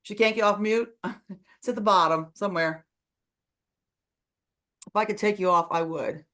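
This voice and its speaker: A woman's voice: mid-range voice, normal speed, a bit bright. A woman hosting an online book club discussion over a video call, chatty and full of fillers.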